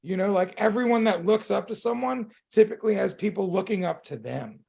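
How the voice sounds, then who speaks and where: A man's voice: high-pitched, expressive, fairly quick, vocal fry, darkish tone, slightly rough. A man co-hosting a casual talk show, emphatic and swearing casually. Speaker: podcast co-host. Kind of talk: casual chat.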